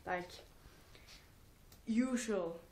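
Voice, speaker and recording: A woman's voice: mid-range voice, extremely slow, darkish tone, slight background noise. Giggly rambling teenage girl vlogging. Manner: giggly, rambling, self-mocking. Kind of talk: rambling casual vlog. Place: at home.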